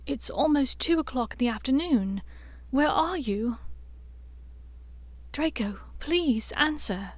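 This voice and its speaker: An anxious young woman reading out her worried notes, getting more frantic as she goes, as a woman narrator puts her on. Her voice sits fairly high and close to the mic. The sound is dry and intimate, in a storybook reading. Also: lively intonation, takes it slowly, no room sound, heavily acted.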